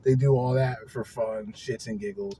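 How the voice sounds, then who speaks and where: A man's voice: medium pitch, expressive, normal speed, dark tone, slight background noise. A young man hosting a casual podcast chat, brash and joking, laughing often and mimicking other voices. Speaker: podcast host.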